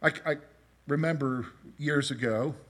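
A man's voice: fairly high pitch, unhurried, fairly bright tone. A middle-aged man preaching a conversational sermon, asking his congregation questions and telling personal stories. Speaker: pastor.

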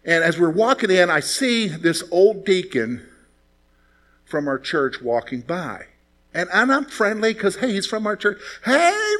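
A man's voice: medium pitch, fairly bright tone. A male pastor preaching a conversational sermon, asking the congregation rhetorical questions and telling stories.

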